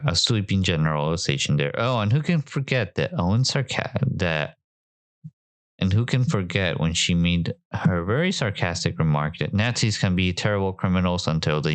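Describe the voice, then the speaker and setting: A man's voice: low voice, smooth, no echo. A man hosting a podcast, giving casual commentary in reaction to clips, with sarcastic joking asides. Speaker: podcast host.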